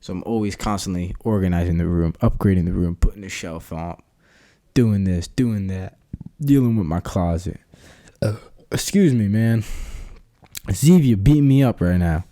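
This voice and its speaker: Young guy talking into his podcast, lowish mellow voice, loose slangy rambling. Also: moderate pace. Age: young adult. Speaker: podcast host. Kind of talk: casual solo podcast chat. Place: his own room.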